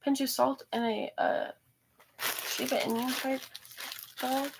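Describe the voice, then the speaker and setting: Teen girl vlogging, kinda high voice w lots of vocal fry, rambles and restarts a lot. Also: little pitch movement, takes it slowly, noisy background. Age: teens. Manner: rambling storytelling with many restarts and fillers. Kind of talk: casual talking-to-camera vlog.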